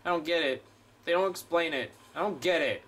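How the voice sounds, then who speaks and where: A man's voice: a little high, a little fast, a bit bright, faint music behind. A man playing a horror game and commenting as he plays, swearing and ranting at the enemies. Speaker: gameplay streamer. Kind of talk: let's play commentary.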